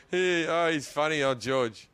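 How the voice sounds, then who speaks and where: A man telling a comic story in an animated, swearing, laughing way. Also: fairly high pitch, smooth, no room sound. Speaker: guest.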